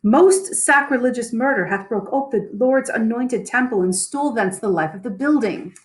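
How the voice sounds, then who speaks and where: A woman's voice: a little high, animated, normal speed, reverberant, pitched above the performer's own voice, natural voice. A woman reading the part of a nobleman who raises the alarm, declaiming urgent verse.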